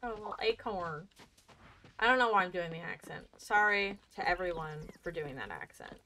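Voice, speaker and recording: A young woman streaming a video game, chatting excitably and talking to herself as she plays. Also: lowish voice, fairly quick, a little hiss or hum. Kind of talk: casual let's-play commentary.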